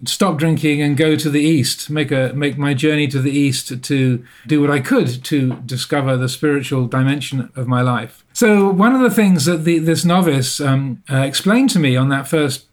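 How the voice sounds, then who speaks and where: A man telling a personal story as an interview guest, thoughtful and self-deprecating, often pausing to rephrase. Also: a little high. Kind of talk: reflective storytelling.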